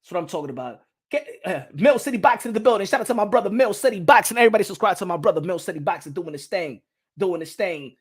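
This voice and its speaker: High-pitched guy w a new ranting about boxing on a stream, keeps repeating stuff and shouting out chat. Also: fast. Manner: animated, repetitive, shouts out chat viewers. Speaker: boxing channel host. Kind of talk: casual live-stream boxing talk.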